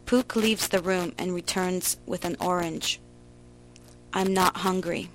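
Slow, dramatic woman reading a story. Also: on the low side, steady tone, slight background noise, rough recording. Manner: slow, emotional, theatrical delivery.

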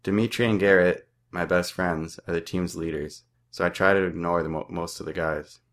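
A man in his twenties from Ontario, Canada, reading his own first-person story aloud with plain, steady delivery and small slips. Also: sits low, moderate pace. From southern Ontario, Canada. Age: 20s.

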